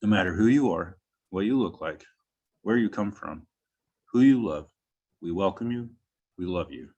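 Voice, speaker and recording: A man reciting a church mission statement in a measured, declamatory way over a video call. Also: sits low, lively intonation, a little mellow, breathy edge, lo-fi sound.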